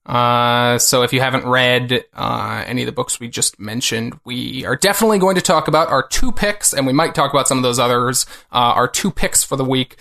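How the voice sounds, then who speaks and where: A man's voice: mid-range voice, a little fast, gravelly, hardly any pauses, sharp tone. A man co-hosting a comics podcast in casual chat, rambling with many fillers. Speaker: podcast co-host.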